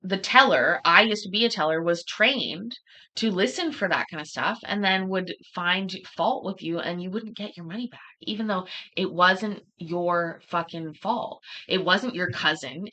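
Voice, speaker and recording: A woman's voice: fairly low pitch, pushed and bright. A woman hosting a casual livestream chat, telling stories with heavy swearing and acting out what other people said. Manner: profane, storytelling, acts out quoted voices. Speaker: livestream host.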